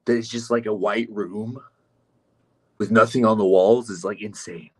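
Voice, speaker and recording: A man's voice: fairly low pitch, steady tone, normal speed, a little mellow. A man streaming live, reading chat comments aloud and answering them with sardonic, profane mockery. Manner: sardonic, mocking, profane asides.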